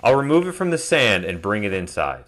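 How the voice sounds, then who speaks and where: Man, low voice, lively intonation, calm instructional voice-over, DIY tutorial host. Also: brisk. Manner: calm step-by-step explaining. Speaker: DIY metal casting channel host.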